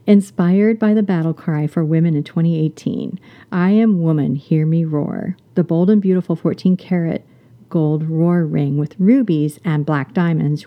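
A middle-aged woman hosting a jewelry podcast, talking fast and enthusiastically with small laughing asides. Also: fairly low pitch, dull audio. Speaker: podcast host.

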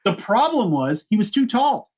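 A man's voice: sits high, very animated, normal speed, darkish tone. A man hosting a podcast, casually rambling through a history with lots of "you know" fillers. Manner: rambling, many fillers and restarts. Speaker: podcast host. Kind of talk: casual chat, historical overview.

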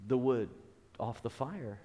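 A man's voice: medium pitch, lively intonation, takes it slowly, dark tone. Man, pastor, conversational sermon, earnest, repeats himself, long hall reverb. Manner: earnest, repeats key phrases, frequent restarts.

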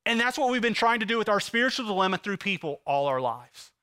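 A man in his thirties preaching a sermon as pastor, impassioned, swinging from loud emphasis to hushed intensity. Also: high voice, sing-song, quick pace, clear, resonant tone.

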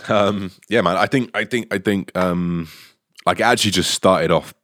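A man's voice: low voice, normal speed, a bit bright. A young man, an online coach, telling stories casually and animatedly, swearing and laughing along the way. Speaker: online fitness coach, guest. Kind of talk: casual podcast storytelling.

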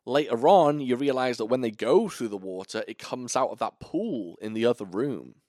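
Podcast co-host, man, lively pitch, dry close mic, explains his own theories. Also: normal speed, dry recording. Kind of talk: casual film discussion.

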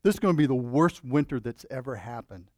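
A man's voice: medium pitch, lively intonation, brisk, dry recording, studio quality, pitched below the performer's own voice, lightly acted. A man doing an apologetic weather clerk. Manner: apologetic, softly earnest.

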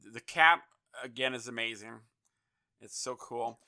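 Bright-voiced male interview host. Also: mid-range voice, unhurried. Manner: rambling, repeats words while thinking. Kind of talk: casual interview chat.

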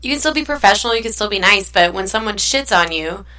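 A woman's voice: medium pitch, expressive, fast, crowd noise. A woman co-hosting a casual podcast, arguing her side firmly. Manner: argumentative, stands her ground. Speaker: podcast co-host. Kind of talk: casual wrestling chat.

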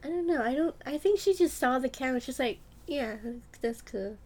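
A woman's voice: high voice, darkish tone, a little hiss or hum. A woman co-hosting a podcast in casual chat, giggling often between remarks. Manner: giggly, drawn-out delivery. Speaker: podcast co-host.

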